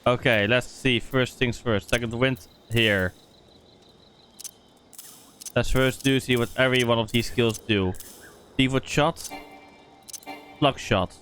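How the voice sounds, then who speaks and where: A man's voice: mid-range voice, a bit bright, a little hiss or hum. A man streaming a game, giving casual commentary in a profane, self-mocking way.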